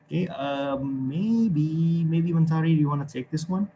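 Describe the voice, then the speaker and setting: A man's voice: on the high side, unhurried, few pauses, dark tone, a little hiss or hum. An Indonesian man with an Indonesian accent teaching an English class over a video call, encouraging and chuckling often as he explains.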